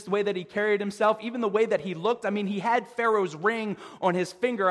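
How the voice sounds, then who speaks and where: A man with a notably high voice preaches in a relaxed, conversational way, stumbling and restarting phrases as he goes. His words ring out with a long, lingering reverb, as in a large hall. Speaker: pastor. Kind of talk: sermon.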